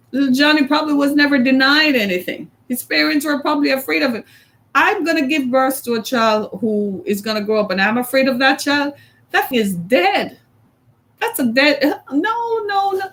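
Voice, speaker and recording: A high-pitched, middle-aged woman giving a motivational talk. She speaks emphatically, keeps coming back to a single key word, and acts out quotes for her audience. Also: expressive, moderate pace, fairly bright tone.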